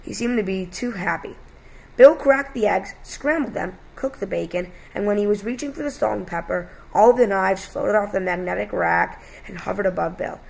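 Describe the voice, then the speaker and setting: A woman's voice: fairly low pitch, moderate pace, creaky, rough recording. A woman on a video call reading a story aloud with voiced quotes and some stumbles, as a podcast co-host.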